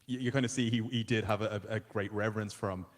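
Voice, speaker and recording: Irish moderator guy, low voice, talks fast, chatty. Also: fairly even intonation. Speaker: panel moderator. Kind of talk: convention panel Q&A.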